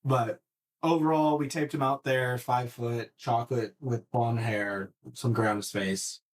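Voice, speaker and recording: Unhurried and medium-pitched, a man shares a story with lots of energy on an easygoing podcast. He swears openly and frequently starts his sentences over.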